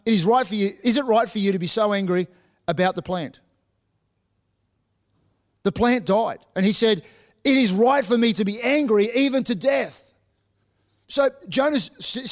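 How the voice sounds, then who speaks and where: A man with a high voice preaching a sermon to his congregation. He stumbles and repeats words as he restarts his sentences. Now and then he acts out what the Bible figures say. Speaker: pastor.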